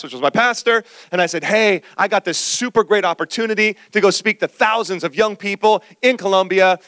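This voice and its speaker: A male pastor preaching a sermon, telling a personal story with animated, acted-out quotes. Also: high voice, no room sound.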